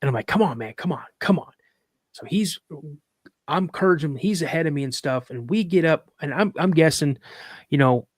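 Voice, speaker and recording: In a clean studio recording with no room sound, a man with a mid-range voice appears as a podcast guest. He tells a story casually and animatedly, acting out quoted dialogue in a raised voice and at times fighting back tears.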